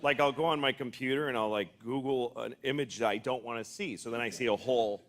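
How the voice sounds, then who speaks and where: A man telling comic stories on a talk show, swinging from loud outbursts to low mutters. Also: fast talker, background noise. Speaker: comedian guest.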